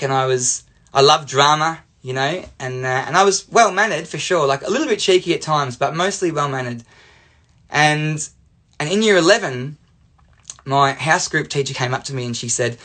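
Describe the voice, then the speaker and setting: A man's voice: a little high, moderate pace. Chatty Australian man with a raised voice. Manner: chatty, animated, lots of fillers like "you know" and "like". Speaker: life coach. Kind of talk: casual storytelling to camera.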